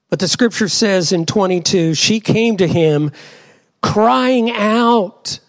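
A male pastor preaching a sermon to his congregation in church, dramatic and full of rhetorical questions. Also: on the high side.

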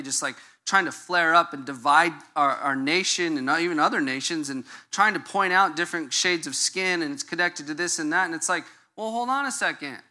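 A man's voice: fairly high pitch, bright, forceful tone. A middle-aged man preaching a conversational sermon as a pastor. He jokes and keeps checking in with the listeners. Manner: casual and joking, checks in with the audience.

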